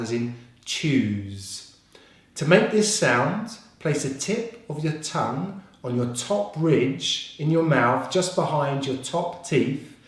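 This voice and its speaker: British male English teacher, slow careful delivery, echoey room, mid pitch. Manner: slow, deliberate, repeats sounds for emphasis. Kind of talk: slow, careful pronunciation lesson. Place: London.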